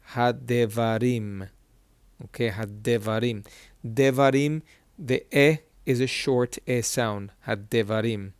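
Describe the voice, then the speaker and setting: Male teacher, mid-pitched, close dry mic, patient and repetitive, breaks words into syllables. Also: no echo. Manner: patient, repeats each syllable slowly. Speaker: Hebrew reading teacher. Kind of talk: whiteboard lesson.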